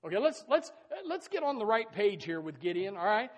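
High-voiced man preaching with emphatic swings. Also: big pitch swings, brisk. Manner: emphatic preaching, swinging between loud and soft, with repeated phrases; folksy, addresses listeners as folks and says amen. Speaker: pastor. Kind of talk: sermon.

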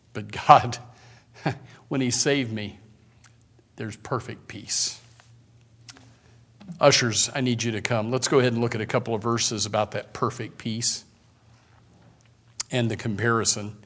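A man preaching a sermon as pastor, swinging from quiet asides to loud bursts and reading scripture slowly. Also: mid-range voice, steady tone.

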